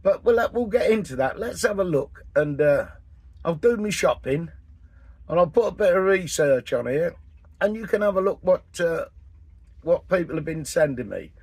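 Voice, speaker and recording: A man in his sixties, from England, ranting in a casual vlog, blunt and full of swearing, with a husky voice. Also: fairly high pitch, animated, moderate pace, a little mellow, dry recording. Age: 60s. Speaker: vanlife vlogger. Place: in and around a camper van, partly outdoors.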